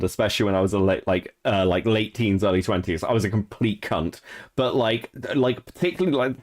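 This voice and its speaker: A man in his thirties co-hosting a stream, chatting casually and bluntly about online drama, swearing freely and laughing often. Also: medium pitch. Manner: reads messages aloud in a mocking tone. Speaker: streamer and co-host.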